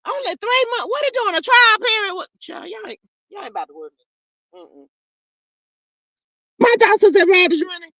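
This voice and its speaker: A high-voiced woman hosts a casual live stream and reacts to viewer comments. She sounds sassy and animated, and she keeps calling her viewers "child" and "honey." Her pitch swings widely, and the sound is close and dry. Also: dry recording. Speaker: livestream host reading chat.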